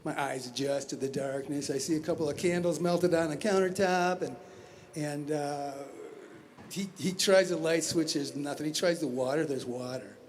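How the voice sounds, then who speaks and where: A man's voice: on the high side, normal speed, a little hiss or hum. A man telling a wry, conversational travel story at a talent show, full of asides and restarts. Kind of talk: spoken storytelling. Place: community center stage.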